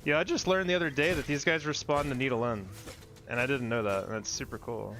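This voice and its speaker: A young male streamer talks over his game in a loose, rambling way, full of fillers, quick laughs and casual swearing. His voice sits at a plain middle pitch. Faint game music runs in the background. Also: steady tone, fairly bright tone. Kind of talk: casual gameplay commentary.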